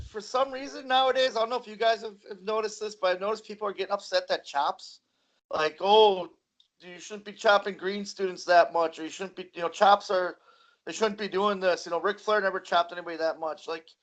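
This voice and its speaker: A man's voice: high-pitched, a bit bright. A man, a professional wrestler, telling stories as a guest on a casual podcast and laughing through them.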